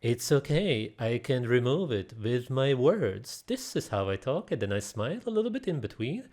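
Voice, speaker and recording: A man putting on a falsely calm, smug guru voice, slow and sugary, with a soft, mid-range tone. It comes across as syrupy and self-satisfied, as a commentator mocks someone. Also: medium pitch. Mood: mocking. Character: mocking parody of a smug, falsely calm male wellness guru.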